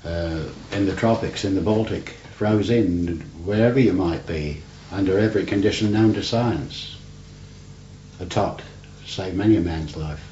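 A man's voice: low-pitched, unhurried, dark tone. An older man, a navy veteran, telling rambling stories in an oral history interview, often adding "you see". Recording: roomy, dull archival tape with faint hiss.

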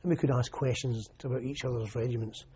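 Older Scottish man, husky and mellow. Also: medium pitch, steady tone, fast talker. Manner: rambling, anecdotal, frequent restarts and "you know". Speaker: interviewee, army veteran. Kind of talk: oral history interview. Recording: muffled lo-fi recording.

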